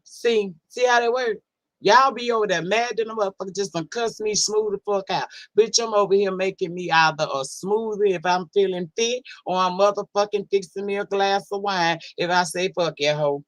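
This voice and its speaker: A woman talks casually on her livestream, answering chat in a blunt, sassy, heavily profane way. She stretches words out when she wants to make a point. Her voice sits at a middling pitch, and the sound is close and dry, with no room echo. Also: steady tone, normal speed. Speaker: livestream host. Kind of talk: casual livestream talk, reading chat comments.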